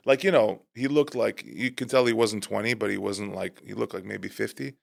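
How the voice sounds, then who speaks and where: Gravelly-voiced man, rambling podcast co-host. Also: lowish voice, steady tone, normal speed. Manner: rambling, loose, uses "dude" and "like". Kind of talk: casual podcast chat. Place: podcast studio.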